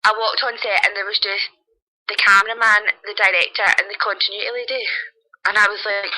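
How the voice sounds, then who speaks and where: A young woman, an actress, chatting in an interview, self-deprecating and quick to laugh. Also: mid-range voice, fairly even intonation, bright, forceful tone, low-quality recording. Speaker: actress guest. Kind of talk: casual interview chat. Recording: podcast recording.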